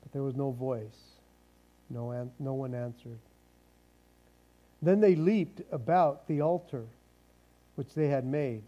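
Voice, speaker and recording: A man's voice: medium pitch, slow, long pauses, mellow, dull audio. A man preaching a sermon, reading scripture and then explaining it in a casual, joking, conversational way with many asides. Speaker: pastor.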